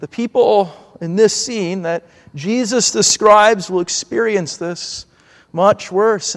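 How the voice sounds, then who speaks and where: Male preacher, high-pitched, earnest measured delivery, reverberant space. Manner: earnest, measured preaching with acted pleading quotes. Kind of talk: sermon.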